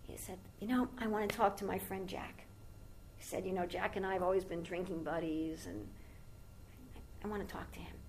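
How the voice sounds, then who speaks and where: A woman's voice: on the low side, steady tone, normal speed, a little hiss or hum, poor audio. A woman giving a devotional talk as a spiritual teacher, telling a long story in a rambling, conversational way with asides to her listeners.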